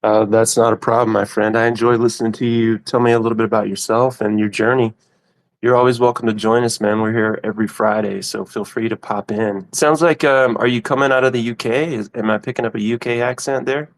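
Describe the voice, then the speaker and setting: Flat-voiced man hosting from the US South. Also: mid-range voice, fairly quick, rough recording. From Southern United States. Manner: friendly, welcoming. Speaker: host. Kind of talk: casual chat on a live audio space.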